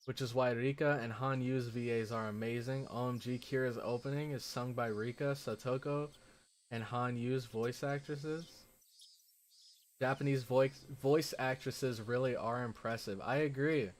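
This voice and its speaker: A man's voice: mid-range voice, a little slow, slight background noise. Chatty male streamer reading a visual novel. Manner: chatty, excitable, with frequent "like" fillers. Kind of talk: reading game text aloud with casual commentary.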